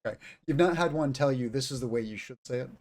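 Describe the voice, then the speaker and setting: Lively explaining male interviewer. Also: medium pitch, fast talker. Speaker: interviewer and English teacher. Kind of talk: conversational interview for language learners.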